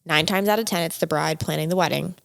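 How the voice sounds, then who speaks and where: A woman's voice: sits low, fast, vocal fry. A woman hosting a podcast in casual chat, giving her opinions frankly. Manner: frank, gives opinions directly. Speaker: podcast host.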